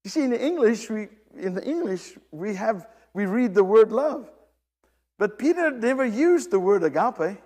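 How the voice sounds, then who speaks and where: A man's voice: high-pitched, very animated, normal speed, a little mellow, in a large hall. A man preaching a sermon, emphatic and direct with the congregation, often repeating and restarting his phrases.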